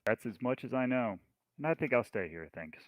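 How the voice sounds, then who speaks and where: A man's voice: medium pitch, animated, brisk, no room sound, natural voice. A man voicing a small, bold female adventurer who bluffs her captors. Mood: cheeky. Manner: cheeky, bluffing.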